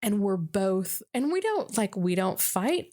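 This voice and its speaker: A young woman guest on a podcast tells a story from her own marriage at a mid-range pitch. She speaks in an animated way, often slipping into quick asides that voice what went through her mind. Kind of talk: personal storytelling in conversation.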